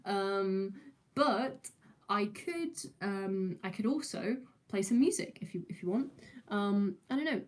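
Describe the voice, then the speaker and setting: A young woman talks casually to her livestream viewers from home, her voice sitting at an ordinary middle pitch. She hesitates often, piles up fillers, restarts her sentences and breaks into giggles. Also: lively intonation, slow pace. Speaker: streamer.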